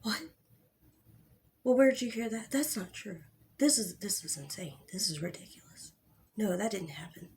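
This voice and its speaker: A woman putting on the voice of a flustered, defensive man who acts confused and denies everything in a hushed tone. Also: medium pitch, animated, moderate pace, long pauses, a little hiss or hum, close to an everyday voice. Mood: incredulous.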